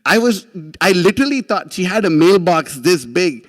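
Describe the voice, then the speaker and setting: A man giving a religious class, telling a story in an animated, casual way with many restarts and laughs. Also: high voice, normal speed, big-room sound.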